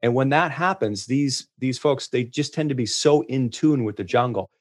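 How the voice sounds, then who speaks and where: A man telling travel stories as a guest in casual chat, restarting often and getting lively in the punchlines. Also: medium pitch, moderate pace. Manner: animated storyteller, many restarts.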